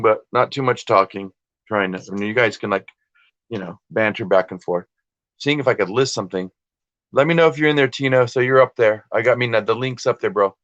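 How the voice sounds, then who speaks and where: Streamer host, male, lowish voice, chatty, self-deprecating rambler, dry dull lo-fi sound. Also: a bit bright, no echo. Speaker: livestream host listing items for sale. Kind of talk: casual livestream chat. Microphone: desktop computer and phone.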